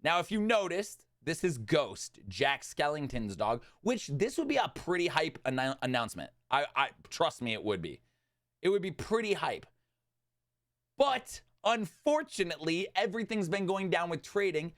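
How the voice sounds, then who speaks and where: A young man giving an agitated, animated rant about a video game, swinging between loud outbursts and muttered asides. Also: a little high, normal speed. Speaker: gaming commentator. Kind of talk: exasperated gaming rant.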